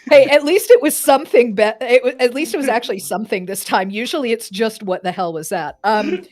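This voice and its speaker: A woman with a slightly high, darkish, expressive voice speaks briskly as she narrates her character's actions in a tabletop game. Her storytelling is chatty and full of fillers, with frequent "like" and laughter.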